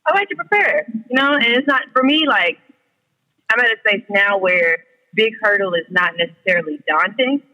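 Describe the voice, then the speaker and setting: A man's voice: high-pitched, animated, normal speed, bright, forceful tone, long reverb tail, muffled recording. A man calling in as a podcast guest, talking in an easygoing, thoughtful and reflective way. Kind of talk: casual chat.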